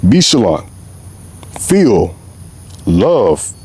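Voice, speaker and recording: Speaking extremely slowly in a low, mellow, husky voice, a young man rambles through a heartfelt, unscripted monologue on his own show outdoors. He is very animated and passionate, heavy on slang and "bro."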